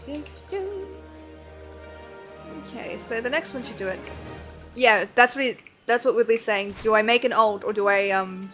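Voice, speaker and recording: A woman's voice: mid-range voice, fairly even intonation, brisk, fairly bright tone. A woman streaming a game, chatting casually and rambling with frequent laughs, over faint background music. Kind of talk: casual chat while gaming.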